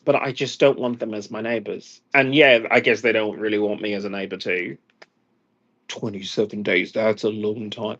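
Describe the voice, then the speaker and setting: A man's voice: fairly low pitch, fairly even intonation, moderate pace, a bit bright, highs cut off. An exhausted American man venting angrily in a profane monologue. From United States. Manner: angry, profane rant. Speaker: vlogger.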